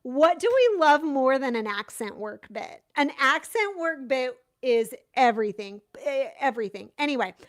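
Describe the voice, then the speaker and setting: A woman with a somewhat high voice hosts a casual podcast chat from a remote setup. She is dramatic and self-deprecating, and her talk comes in quick, theatrical bursts. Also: big pitch swings. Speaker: podcast host. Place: home studio on a remote call.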